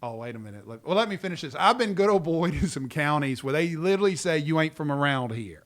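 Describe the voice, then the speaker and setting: A man, an attorney co-hosting a casual podcast chat in an animated, joking way, often cutting in. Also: a little high, fast. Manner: animated, jokey, interrupts often.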